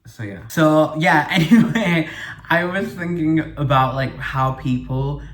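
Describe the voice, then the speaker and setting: A man's voice: fairly high pitch, lively intonation, a little slow. Chatty young man in an echoey room. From United Kingdom. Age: young adult. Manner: chatty and rambling, with frequent fillers and self-corrections. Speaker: podcast host. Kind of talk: casual solo podcast monologue. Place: living room.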